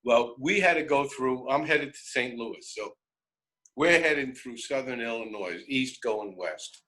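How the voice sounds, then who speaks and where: An older man in his seventies with a New York accent, telling personal stories on the radio in an animated, wry, conversational way. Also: medium pitch, measured pace, poor audio. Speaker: radio host. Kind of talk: personal storytelling.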